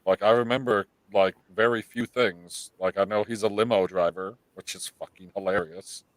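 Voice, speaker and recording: A man hosting a live podcast, telling stories in an animated, swearing, casual way. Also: lowish voice, normal speed, no echo. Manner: animated storytelling, heavy swearing. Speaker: podcast host.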